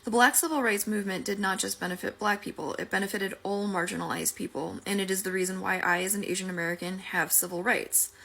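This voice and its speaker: Earnest woman giving measured commentary. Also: mid-range voice, steady tone, creaky, pushed and bright. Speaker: advocate speaking to camera. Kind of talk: prepared commentary with read quotation.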